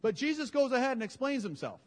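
A man preaching a sermon in a conversational, animated way, often correcting his own words. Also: extremely high pitch, fast. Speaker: pastor. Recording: long hall reverb.

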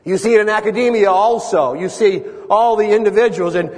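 A man's voice: high-pitched, brisk, a little mellow. A man preaching a sermon, earnest and building to emphatic repeated phrases. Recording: long reverb of a large hall.

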